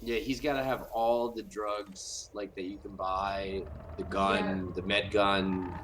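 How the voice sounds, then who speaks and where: A man chatting casually, eager and rambling as he pitches ideas. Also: little pitch movement, slow pace, a bit bright, a little hiss or hum. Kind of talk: casual chat.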